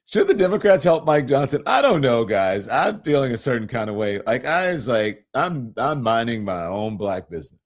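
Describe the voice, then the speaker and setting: A man hosts a live political talk show, chatting casually and animatedly, laughing a lot and reading viewer comments out loud. His medium-pitched voice swings widely in pitch, moving at a normal speed with few pauses.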